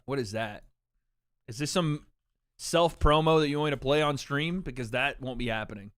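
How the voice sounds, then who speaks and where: A man's voice: mid-range voice, moderate pace, fairly bright tone, dry recording, studio quality. Brash man hosting a live stream. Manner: brash, opinionated, swears freely. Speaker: livestream watch party host. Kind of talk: casual chat.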